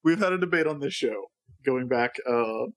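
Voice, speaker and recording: A man's voice: medium pitch, lively intonation, moderate pace, a bit bright. A man co-hosting a podcast, recapping a cartoon episode in a wry, joking way. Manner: wry, joking, summarizing plot. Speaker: podcast co-host. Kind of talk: casual chat.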